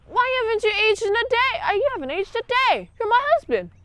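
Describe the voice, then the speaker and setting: A woman voicing a heartbroken old wife who pleads with her husband in a high, shrill voice. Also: big pitch swings, quick pace, a bit bright, no room sound, exaggerated voice. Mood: pleading, excited.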